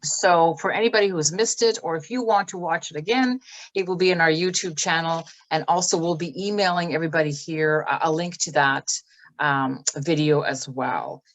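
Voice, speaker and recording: A woman co-host making brisk housekeeping announcements before handing over to her partner, over a video call. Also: low-pitched, poor audio. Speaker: co-host of the network.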